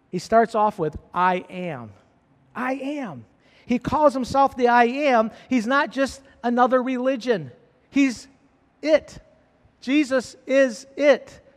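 A man with a strikingly high voice delivers a sermon as a pastor. He hammers on repeated phrases and rises into fervent emphasis. His words ring out with a long reverb, as in a large church hall. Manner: repetitive, rising to fervent emphasis.

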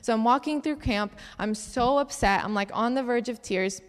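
A young woman with a slightly high voice tells personal testimonies like a sermon. She is chatty and animated and acts out each exchange in her stories. Her voice carries a long reverb, as if spoken in a big church hall. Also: moderate pace, clean tone. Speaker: camp counselor giving a testimony talk. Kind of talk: sermon-style testimony storytelling.

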